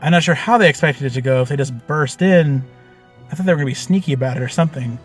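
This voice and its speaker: A man telling the story of a tabletop game he ran as game master, in a loose, animated way with lots of fillers and casual swearing. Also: on the high side, fast, faint music behind.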